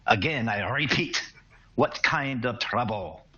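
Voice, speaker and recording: A man's voice: on the low side, a little slow, sharp tone, breathy edge, highs cut off, heavily acted. A man doing a haughty impatient starship captain. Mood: irritated. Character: irritable pompous male ship captain.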